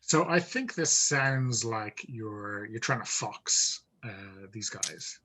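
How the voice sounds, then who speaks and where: A man running a tabletop game as game master, relaxed and easygoing. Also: fairly low pitch, slow, rough recording. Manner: relaxed, easygoing, hesitant with fillers.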